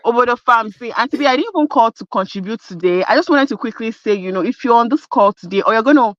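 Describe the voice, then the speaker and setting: Woman caller, animated and pleading, dry muffled call audio. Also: fairly high pitch, quick pace, no echo. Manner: animated, pleading, laughing apologies. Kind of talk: live call-in chat. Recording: dull phone-call audio.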